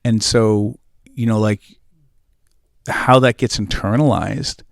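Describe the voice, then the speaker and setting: Man from new england, panelist, low voice, earnest, personal stories, dry sound. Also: fairly even intonation, slow, gravelly, no echo. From New England, United States. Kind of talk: podium discussion.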